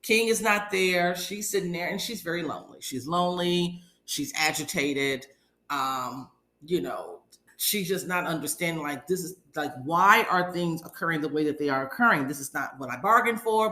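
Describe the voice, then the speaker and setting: Chatty show recapper, bright roomy sound. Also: medium pitch, normal speed. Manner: chatty retelling with acted-out quotes. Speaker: podcast host. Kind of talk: casual episode recap.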